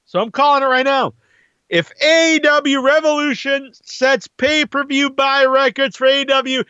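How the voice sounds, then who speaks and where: A man's voice: very high voice, pushed and bright, no room sound, dull audio. A man talking casually in a rambling, profane monologue about wrestling. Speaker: wrestling commentator.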